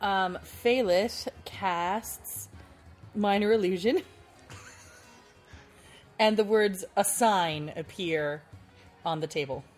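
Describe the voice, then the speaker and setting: A woman's voice: mid-range voice, slow pace, long pauses, soft background music. A woman player in a tabletop game, casually narrating what her character does.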